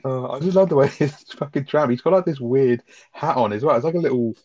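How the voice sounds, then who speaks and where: A man's voice: medium pitch, quick pace, a little mellow, no echo, muffled recording. A man co-hosting a film review podcast, amused and sweary, laughing often. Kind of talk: casual chat.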